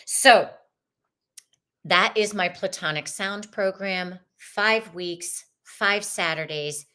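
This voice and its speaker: A bubbly woman with a Southern US accent hosting a casual spiritual talk. She is effusive and laughs easily. Her pitch jumps high and drops low. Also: slow, sharp tone, smooth. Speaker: host.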